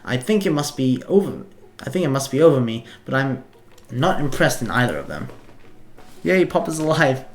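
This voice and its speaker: A man's voice: mid-range voice, sing-song, moderate pace. A young man doing goofy, chatty let's-play commentary, laughing easily. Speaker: streamer.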